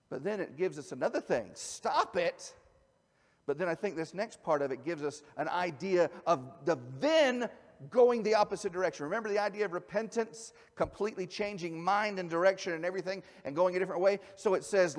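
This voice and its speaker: A high-pitched man preaching in a church, talking in a loose, conversational way that drops soft and then rises hard for emphasis. His voice rings out with a long hall reverb around it. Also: animated, fairly quick. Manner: conversational, swings from soft asides to shouted emphasis. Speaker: pastor. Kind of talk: sermon. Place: church sanctuary.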